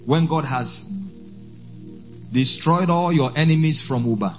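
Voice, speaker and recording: A man, a priest preaching a sermon, who slows down and repeats phrases for emphasis. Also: on the high side, over music.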